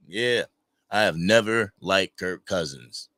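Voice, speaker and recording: A man's voice: on the low side, measured pace, dry recording. A man hosting an unscripted fan livestream, talking casually and greeting viewers from the chat. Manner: casual, animated, reads chat names aloud. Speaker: livestream host.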